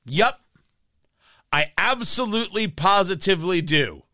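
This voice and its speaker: A man's voice: high-pitched, expressive, measured pace, pushed and bright, dry recording. A man hosting a political talk show, ranting in a combative, scornful opinion monologue.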